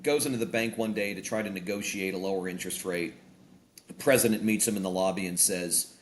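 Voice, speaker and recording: A man's voice: low-pitched, fast. A male pastor and author, a guest on a talk show, preaching in a conversational way and telling illustrations with vivid acted-out dialogue and emphatic rises on key points. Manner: animated storyteller who acts out quoted dialogue.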